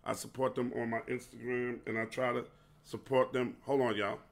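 A man's voice: medium pitch, flat delivery, moderate pace, creaky. A man hosting a solo podcast, ranting passionately in slang and saying he feels unwell. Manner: impassioned, preachy rant with street slang. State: feeling unwell. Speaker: podcast host.

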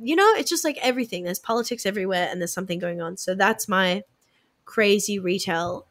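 A woman's voice: mid-range voice, a little fast, fairly bright tone. A young woman, co-hosting a casual podcast and ranting freely with plenty of swearing. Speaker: podcast co-host. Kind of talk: casual chat.

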